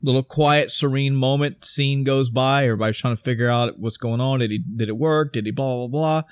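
A man's voice: medium pitch, fairly quick, clear, resonant tone, no echo, clean studio sound. A man in casual chat, animatedly recapping a film scene by scene and acting out characters' lines with plenty of cursing. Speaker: podcast co-host recapping a film.

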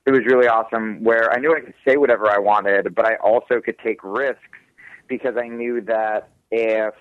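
A man's voice: lowish voice, steady tone, normal speed, no room sound, phone-quality sound. Rambling, profane male comedian. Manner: rambling, profane, laughs often. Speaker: stand-up comedian guest. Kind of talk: casual interview chat.

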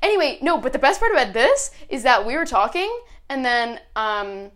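A young woman co-hosting a podcast, telling stories in an animated, giggly way. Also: sits high, moderate pace. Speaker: podcast co-host. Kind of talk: casual chat.

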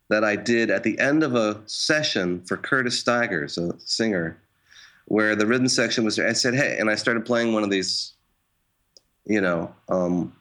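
A man's voice: fairly low pitch, a bit bright. A middle-aged man, a jazz musician, talking casually in an interview with wry self-mocking humor and many restarts and fillers.

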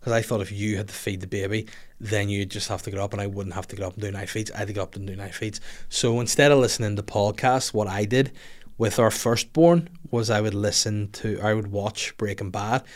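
A man, hosting a podcast and telling funny stories in a casual, swearing way. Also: brisk. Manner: animated, swears a lot, puts on high squeaky voices for his daughter. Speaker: podcast host. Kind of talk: casual comedic storytelling.

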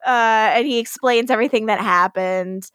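A woman co-hosting a recap podcast in casual chat, animated and profane, laughing often. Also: fairly high pitch, moderate pace, dry recording, clean studio sound. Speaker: podcast co-host recapping an episode.

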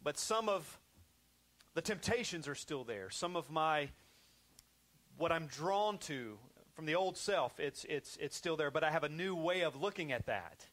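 A male pastor preaching a sermon in a conversational way, repeating himself often and swinging between loud emphasis and hushed, quiet stretches. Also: fairly high pitch, animated, measured pace.

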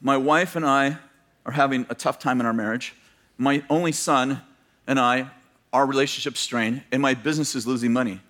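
A man's voice: medium pitch, fairly even intonation, moderate pace, a bit bright. A male pastor giving a sermon, telling stories, acting out the voices of the people in them and joking with his listeners. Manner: storytelling, acts out quoted voices, joking asides.

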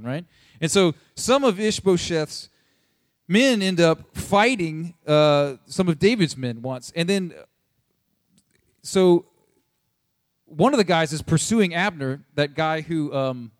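A young man with a slightly high voice retells a sermon story in a loose, slangy way. He keeps breaking into quick voices for the people in it. The sound is dry and close, with no room around it. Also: dry recording. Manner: animated, slangy, jumps into voices for quoted people. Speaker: preacher.

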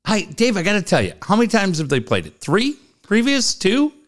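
A man's voice: high-pitched, huge pitch swings, brisk. A man hosting a casual sports talk show, eager and rambling. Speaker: host.

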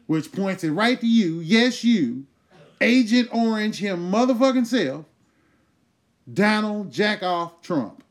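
A man with a slightly higher-than-average voice rants loudly and profanely as a comedy show host. His delivery swings from shouted outbursts to muttered asides as he riffs on whatever is bothering him. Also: lively intonation, slow pace. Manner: loud, profane, ranting.

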